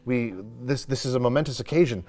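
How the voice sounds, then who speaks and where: A man voicing a gentle male cat-folk leader, speaking slowly and haltingly. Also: medium pitch, natural voice. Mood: eager.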